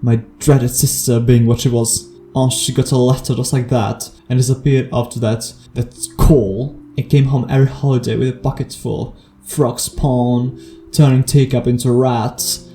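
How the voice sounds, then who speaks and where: Man doing a shrill scornful middle-aged aunt, ranting, dark-toned reader. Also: little pitch movement, moderate pace, echoey room, faint music behind, natural voice.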